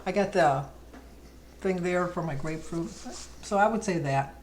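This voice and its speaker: Middle-aged woman, casual vlog chat, rambling, lowish voice, faint background noise. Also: normal speed, darkish tone, poor audio. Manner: chatty, rambling, fond storytelling. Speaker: vlogger.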